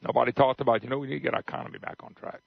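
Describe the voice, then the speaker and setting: A man's voice: mid-range voice, level tone, racing, gravelly, husky, dry recording. A man hosting a talk radio show, blunt and folksy in casual on-air chat. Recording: dull radio broadcast sound.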